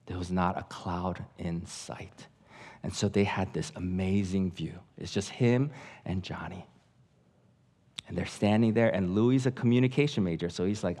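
Lively man telling a sermon story. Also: on the low side, moderate pace. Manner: animated storyteller, acting out voices and trailing to a hush. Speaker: guest pastor. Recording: long reverb of a large hall.

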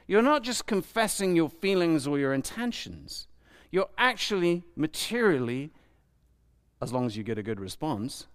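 A man's voice: mid-range voice, clean tone. A man preaching a sermon to a live audience, asking his listeners questions and acting out the voices he quotes.

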